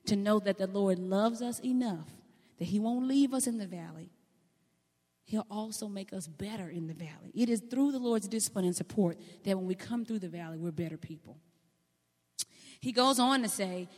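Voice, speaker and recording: A woman preacher, delivering a sermon in a folksy, animated storytelling way. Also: mid-range voice. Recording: long hall reverb.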